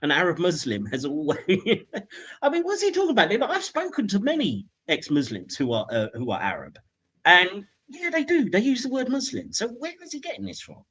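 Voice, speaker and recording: A man riffs in casual commentary on a clip he is watching, incredulous and scornful, with the odd curse thrown in. His voice sits high and husky, and it swings widely up and down as he scoffs. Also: huge pitch swings, normal speed, a bit bright, highs cut off. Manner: incredulous, mocking, swears freely. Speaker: host reacting to a video.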